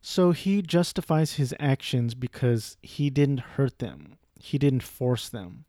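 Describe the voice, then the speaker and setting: A man's voice: medium pitch, animated, a little slow, hardly any pauses, mellow, no room sound, clean studio sound. A young man giving a casual, rambling film review, swearing freely and breaking off into asides. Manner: rambling, profane, frequent restarts and asides.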